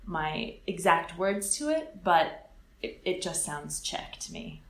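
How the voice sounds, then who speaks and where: A woman's voice: fairly low pitch, very animated, slow pace, echoey room, slight background noise, poor audio. A woman from California with an American accent, chatting expressively and laughing often as an interview guest. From California, USA. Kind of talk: casual interview chat.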